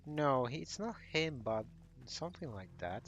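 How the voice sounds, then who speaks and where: A man's voice: mid-range voice, very animated, moderate pace, dull audio. A man casually commenting while playing a video game, rambling and often correcting himself. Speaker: gaming channel host. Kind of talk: casual let's play commentary.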